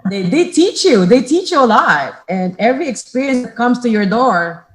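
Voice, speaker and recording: A woman's voice: a little high, moderate pace. A woman guest on a podcast, telling anecdotes animatedly and acting out what people said. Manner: animated storyteller acting out quotes. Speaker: guest, assisted living facility owner. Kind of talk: casual interview chat. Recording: echoey room.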